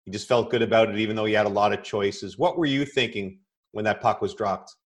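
A man's voice: on the low side, steady tone, a little fast. A man interviewing a former player, asking questions in a conversational way with brief affirmations.

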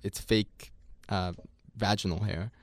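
A man's voice: lowish voice, steady tone. A man hosting a casual chat who teases his guest, laughs easily and mimics other people's voices. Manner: joking, teasing, with quick laughs. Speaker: host asking questions.

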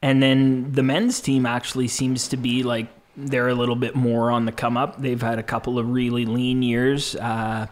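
A man who works at a campus radio station, talking as a guest in an interview in an unhurried, friendly way with many filler words. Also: medium pitch, little pitch movement. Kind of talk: casual interview talk.

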